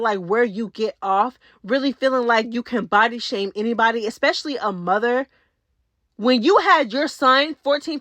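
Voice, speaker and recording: A young woman hosting a reality TV recap, talking straight to her viewers in a sassy, slangy, animated way. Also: high voice, no echo. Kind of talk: casual recap commentary.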